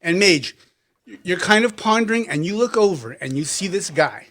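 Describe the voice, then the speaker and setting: High, lively game master, a man. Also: moderate pace. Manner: animated, laughs often, acts out characters. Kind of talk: narrating a tabletop game.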